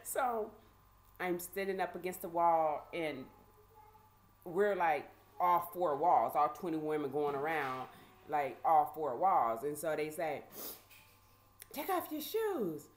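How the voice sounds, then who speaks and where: A woman vlogger casually telling a personal story, animated and conversational with lots of fillers. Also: low voice, takes it slowly.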